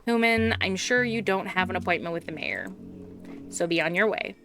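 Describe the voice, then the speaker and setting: A woman's voice: on the low side, animated, normal speed, fairly bright tone. Woman reading a snide male city computer. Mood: dismissive. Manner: snide, mocking. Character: rude sarcastic male city computer gatekeeper. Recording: game music playing underneath.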